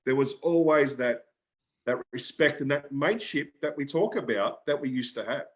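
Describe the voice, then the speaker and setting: Australian man, steady reflective storyteller, casual podcast talk. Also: mid-range voice, moderate pace. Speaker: podcast co-host. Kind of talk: casual chat.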